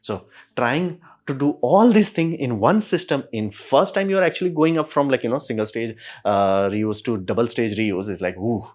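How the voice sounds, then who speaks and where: A man at a middle pitch talks through a technical topic in a relaxed, slang-filled way. He is animated and keeps slipping into quick acted-out reactions as he explains. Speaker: YouTube tech explainer. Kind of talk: casual spoken explainer.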